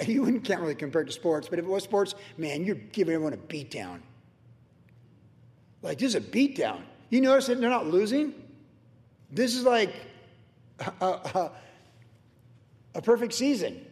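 A man preaching a sermon in an energetic, excitable way with chatty asides. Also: high-pitched. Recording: long hall reverb.

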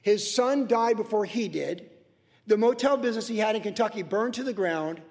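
An older man preaching a sermon from the pulpit in an earnest, emotional way, swinging from soft to loud. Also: high-pitched, lively intonation, moderate pace, big-room sound. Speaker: pastor. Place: church sanctuary.

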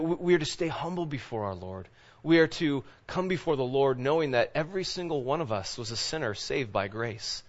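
A male pastor gives a sermon in a relaxed, conversational voice that sits a little high. He rambles with fillers and asides as though chatting with his flock. The sound is dull and lo-fi. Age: adult parent of children.

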